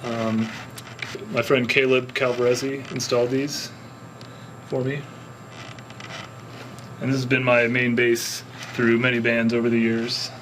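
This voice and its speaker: A man who plays bass and engineers his band's sound, giving an easygoing tour of his home studio and rehearsal space. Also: flat delivery, a little slow, pauses often, noisy background. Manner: easygoing, explanatory.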